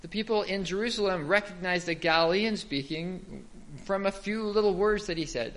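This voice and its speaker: A man's voice: sits high, moderate pace, fairly bright tone. Man teaching scripture with rhetorical questions. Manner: explains step by step, asks rhetorical questions. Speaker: Bible teacher. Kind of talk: Bible teaching talk.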